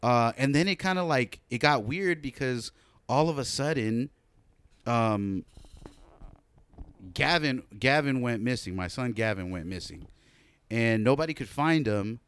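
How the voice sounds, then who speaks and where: A man's voice: medium pitch, animated, a little slow, long pauses, fairly bright tone, smooth, dry recording. A man co-hosting a podcast, telling a long story in casual, profane chat with lots of fillers. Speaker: podcast co-host.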